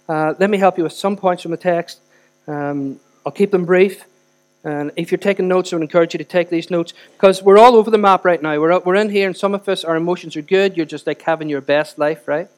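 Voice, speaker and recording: A middle-aged man preaching a sermon as pastor, earnest and emphatic, swinging between loud and soft. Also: a little high.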